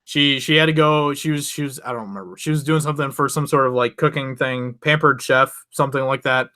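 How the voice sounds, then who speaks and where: Bright-voiced young man telling a story. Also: medium pitch, steady tone, a little fast. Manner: rambling, chatty, laughs often, many restarts. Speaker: channel host. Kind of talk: casual late-night storytelling to viewers.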